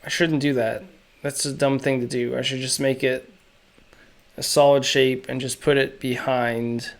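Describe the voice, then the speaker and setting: A man streaming live as he draws, chatting casually in slow, musing, self-critical asides, his throat feeling a little off. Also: medium pitch, flat delivery. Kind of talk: casual live-stream chat while drawing.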